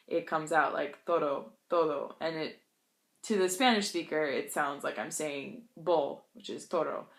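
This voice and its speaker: A woman with a somewhat low voice chats casually to her viewers, telling stories and poking fun at herself. She laughs easily and keeps things light. The room around her is roomy and echoey. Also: a bit bright. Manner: chatty, laughs often, self-deprecating. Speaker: language-learning vlogger. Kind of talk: casual storytelling vlog.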